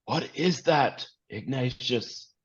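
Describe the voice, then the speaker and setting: A man's voice: mid-range voice, slow, lo-fi sound, voice pushed up, lightly acted. A man voicing a frightened woman in a hard hat who murmurs a repeated prayer, in a tabletop game. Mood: fearful.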